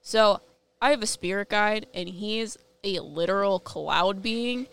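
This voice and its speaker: A woman's voice: mid-range voice, measured pace, a bit bright, clear, resonant tone. A woman co-hosting a casual podcast, asking curious follow-up questions in a playful way. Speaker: co-host.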